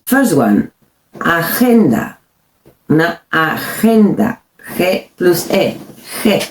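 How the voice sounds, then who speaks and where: A woman teaching pronunciation, speaking slowly and carefully and repeating each word for learners. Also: medium pitch, a little mellow. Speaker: Spanish teacher. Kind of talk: pronunciation lesson. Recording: echoey room.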